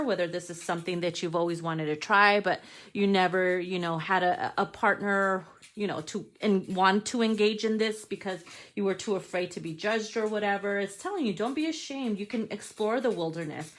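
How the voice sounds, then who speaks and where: A woman doing a casual tarot card reading, frank and playful, swearing freely, calling her viewers darling, and slowing down to read card text aloud. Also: mid-range voice, a bit bright.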